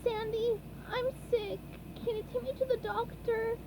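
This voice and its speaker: A woman voicing an excitable, childlike male sea sponge in a storybook reading, squeaky, whiny and sniffly. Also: a little slow, slight background noise, poor audio. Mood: sick, whiny.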